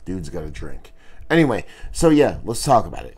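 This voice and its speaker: Low raspy-voiced man reviewing a beer. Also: very animated, normal speed, darkish tone. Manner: laid-back, rambling, swears casually. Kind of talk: casual review.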